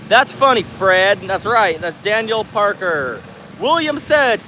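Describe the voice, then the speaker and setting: An American man hosts a live stream outdoors, joking and laughing as he reads chat comments aloud in casual conversation. His voice is high, sing-song, slow, pushed and bright, captured on a handheld camera mic with a little hiss or hum.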